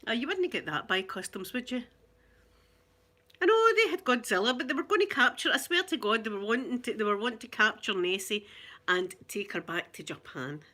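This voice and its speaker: A woman's voice: a little high, very animated, a little fast, pushed and bright. A Glaswegian woman hosting a casual live chat, chatty and rambling, laughing often. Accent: Glaswegian Scottish. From Glasgow, Scotland.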